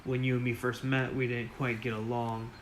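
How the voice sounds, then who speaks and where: A man voicing a steady male adventurer who speaks plainly. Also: medium pitch, normal speed, a little hiss or hum, natural voice, low-quality recording. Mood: reminiscing.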